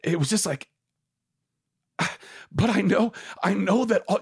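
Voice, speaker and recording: A man's voice: sits high, a little slow, long pauses, breathy edge. A man talking as a podcast guest in a candid conversation, earnest and impassioned, restarting phrases as he searches for words.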